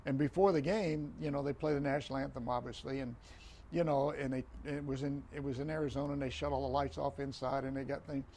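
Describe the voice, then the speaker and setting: An older man, a retired referee, tells stories animatedly as a guest on a podcast interview, repeating phrases and acting out dialogue. His mid-range voice is fast. A little hiss or hum runs through the audio.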